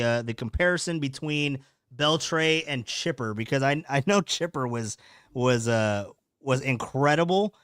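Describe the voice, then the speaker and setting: A man co-hosting a casual sports podcast, thinking aloud in rambling starts and restarts. His voice is smooth and resonant, recorded dry and close on the mic. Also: mid-range voice, fairly bright tone, no room sound. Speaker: podcast co-host.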